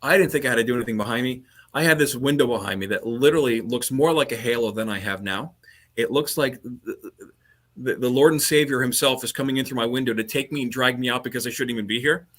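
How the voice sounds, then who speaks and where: Speaking quickly in a medium-pitched, fairly bright voice, a man joins a casual podcast chat over a video call as a guest HVAC trainer. He rambles, repeating words and restarting his sentences often.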